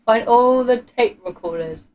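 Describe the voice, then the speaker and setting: A woman's voice: on the high side, a little slow, muffled recording. A woman giving horror game commentary, giggling nervously and squealing with fright. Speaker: gamer.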